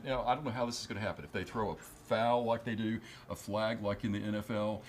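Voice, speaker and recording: A man's voice: lowish voice, fairly even intonation, quick pace, slight background noise. A man, an attorney guest on a studio news interview, explaining at length with frequent fillers and restarts.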